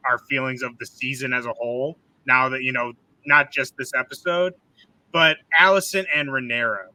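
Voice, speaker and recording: Guy hosting a chatty podcast, super bright tone, rambles a lot, says like constantly. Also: mid-range voice, steady tone, normal speed, dry recording, low-quality recording. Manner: rambling, heavy use of "like", frank and profane. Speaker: podcast host. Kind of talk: casual chat.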